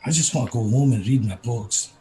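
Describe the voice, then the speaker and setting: A male tabletop player chatting in character, wry and joking, with a fairly low voice. A faint hum of room ambience runs underneath. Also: a little fast, dark tone, poor audio. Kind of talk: casual in-character chat.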